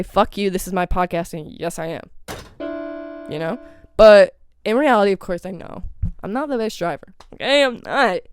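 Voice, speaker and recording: A young woman from New England with a New England accent, hosting her own podcast in a casual, animated rant full of swearing and "like" fillers, getting over a cold. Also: a little high, clean tone, no room sound, studio quality. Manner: animated, profane, lots of "like" fillers. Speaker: podcast host.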